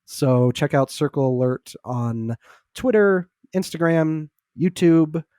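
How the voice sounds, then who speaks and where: A man co-hosting a casual sports podcast, teasing and laughing easily in relaxed banter. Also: fairly high pitch, slow, no echo, studio quality. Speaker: podcast co-host. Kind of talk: casual chat.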